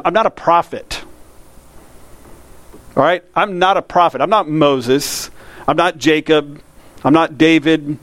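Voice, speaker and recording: A man, a pastor preaching a conversational sermon that slows down to read scripture. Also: a little high, no echo.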